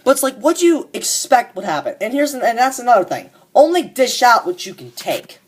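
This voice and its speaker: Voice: mid-range voice, very animated, fairly quick. A fan performer voicing a cocky young man who rants smugly and swears a lot about a coworker, in a comedic monologue. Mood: ranting. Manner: ranting, profane and smug.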